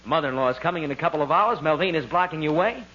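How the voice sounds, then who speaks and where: A man's voice: fairly high pitch, animated, rapid-fire, sharp tone. An actor playing a cheerful, scheming male ghost who talks breezily, in 1940s radio comedy acting. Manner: breezy and persuasive. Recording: dull, lo-fi old radio broadcast with faint hiss.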